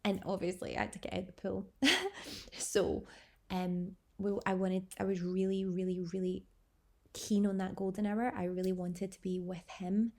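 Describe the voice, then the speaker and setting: A woman's voice: mid-range voice, little pitch movement, moderate pace, dark tone. A young adult woman hosting a vlog, telling her birth story in an effusive way, heaping on superlatives. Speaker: vlog host.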